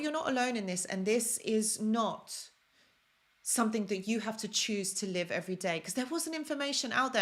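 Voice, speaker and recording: A woman hosting a live-stream self-help talk, speaking earnestly and emotionally and repeating phrases for emphasis. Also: medium pitch.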